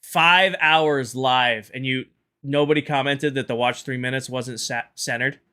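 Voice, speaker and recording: A man's voice: mid-range voice, little pitch movement, moderate pace, fairly bright tone. A man streaming a game live, chatting with his viewers in a casual, sarcastic way, tired at the end of a long stream. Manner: chatty, sarcastic, addresses chat directly. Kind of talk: casual livestream chat.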